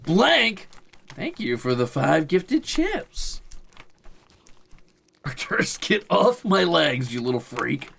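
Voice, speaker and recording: A man's voice: fairly high pitch, wildly swooping pitch, takes it slowly, vocal fry, long pauses, a bit bright, slight background noise. A young man streaming casually, coaxing and teasing his pets with a playful, casual cursing manner. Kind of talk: casual live stream chat.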